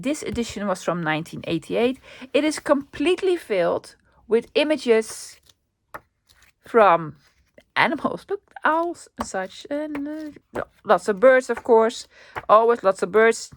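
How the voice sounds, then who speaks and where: Excitable woman. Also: medium pitch. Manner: chatty and excitable, with fillers and repeats. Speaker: vlogger showing a thrift haul. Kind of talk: casual chat.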